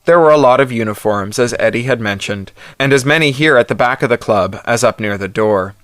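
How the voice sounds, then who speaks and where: A man's voice: mid-range voice, a little fast, fairly bright tone, no room sound. Wry male storyteller, dry recording. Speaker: audiobook narrator. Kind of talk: scripted first-person story narration.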